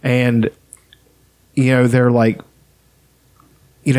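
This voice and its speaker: Chatty man with a higher voice. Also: lively intonation, brisk, vocal fry, darkish tone. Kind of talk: casual chat.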